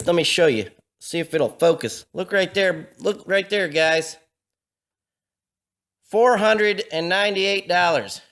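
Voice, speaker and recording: A man's voice: a little high, pushed and bright. A man vlogging in a garage, telling a story casually with lots of fillers and restarts, recorded on a camera mic. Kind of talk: casual chat.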